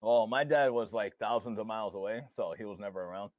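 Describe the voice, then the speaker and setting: A man's voice: fairly low pitch, brisk, a little mellow. A man who is a father, co-hosting a podcast in blunt casual chat and swearing freely. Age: adult father. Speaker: podcast co-host.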